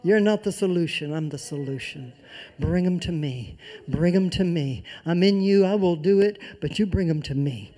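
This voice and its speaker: A preacher voicing a hushed, gentle Jesus. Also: medium pitch, normal speed, voice pushed down, natural voice. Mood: gentle, firm. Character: Jesus, gentle, calm and caring male. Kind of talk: quoted words within a sermon.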